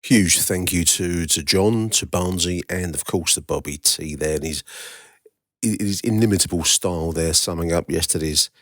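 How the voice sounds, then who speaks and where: A man hosting a football podcast in a measured, chatty way, addressing his listeners. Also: sits low, no echo. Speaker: podcast host. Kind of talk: podcast presenting.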